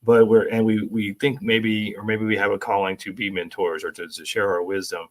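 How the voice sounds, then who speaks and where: A man's voice: lowish voice, flat delivery, moderate pace. A middle-aged man co-hosting a casual talk show, prompting the guest with questions and light jokes. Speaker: podcast co-host. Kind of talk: casual chat.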